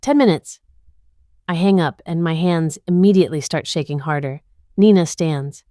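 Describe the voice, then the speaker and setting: Here a lower-voiced woman narrates a dramatic first-person story at normal speed, keeping it tense and introspective. Her tone is mellow, and the dry recording carries no room sound whatsoever.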